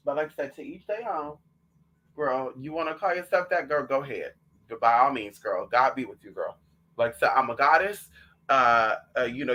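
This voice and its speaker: Sassy, chatty man with a bright voice. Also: a little high. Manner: sassy, chatty, keeps calling the listener "girl"; animated and outspoken. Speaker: vlogger. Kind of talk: casual monologue to camera.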